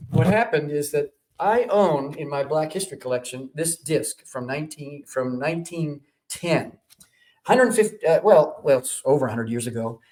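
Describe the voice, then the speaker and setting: Brief: male talk-show host, slightly high voice, rambling self-interrupting plugs. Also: a little mellow.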